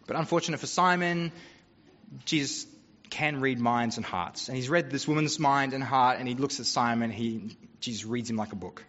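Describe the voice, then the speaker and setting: A man's voice: mid-range voice, a little fast, a bit bright. A man preaching a sermon as pastor, telling stories with humor in a conversational way. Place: church. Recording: dull sound with long church reverb.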